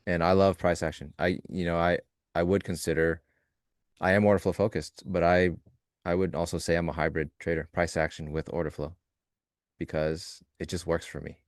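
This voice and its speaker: A man co-hosting a live trading stream, talking in a loose, joking way and thinking out loud in fragments. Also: sits low, little pitch movement, moderate pace, dry recording, studio quality. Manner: loose, joking, talks through ideas in fragments. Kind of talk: casual live-stream chat.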